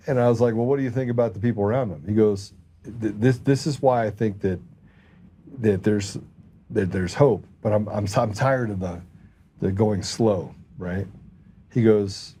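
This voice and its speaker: Low-voiced man hosting a podcast chat. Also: moderate pace, pauses often, a little hiss or hum. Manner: animated anecdote teller, quotes people in his own voice. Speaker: podcast host. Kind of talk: casual storytelling chat.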